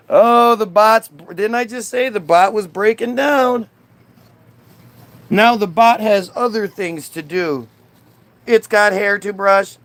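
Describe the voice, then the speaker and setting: A man's voice: high-pitched, unhurried, creaky, fairly bright tone, dry recording. A man ranting sarcastically and profanely on a live stream, mocking someone in chat. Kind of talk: heated live-stream rant.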